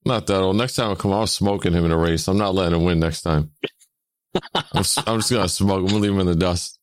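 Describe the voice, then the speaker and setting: A man's voice: deep voice, fast talker, dry recording, studio quality. A man joining a casual podcast chat, trading jokes and laughing. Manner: joking, laughing banter.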